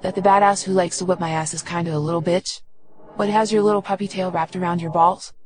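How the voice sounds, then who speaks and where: A woman's voice: on the low side, fairly even intonation, quick pace, darkish tone, a little hiss or hum, natural voice. A woman voicing a young woman lover who talks in a mocking, provoking way.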